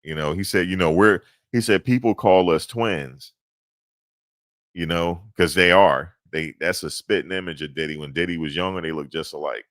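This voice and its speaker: A man recapping events in a casual, animated storytelling manner, slangy and repetitive. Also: low voice, fairly quick, few pauses, no echo, clean studio sound. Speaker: commentator recapping a court hearing.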